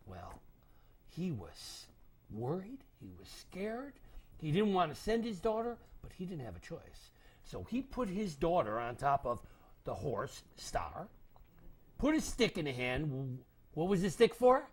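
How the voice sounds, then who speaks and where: An older man spins a tale for children with big, swooping pitch and a slightly husky tone. He turns dramatic, sometimes hushed, sometimes loud, as he acts the story out. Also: measured pace. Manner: animated, dramatic, with acted voices and whispers.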